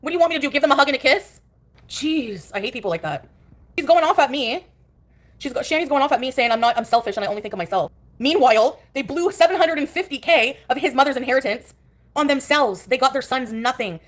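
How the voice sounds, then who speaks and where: A woman streamer talks at a rapid clip in a fairly high voice as she rants. She sounds angry, profane and cutting, speaking from her couch at home. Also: lively intonation, fairly bright tone. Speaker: livestreamer. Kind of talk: ranting livestream commentary.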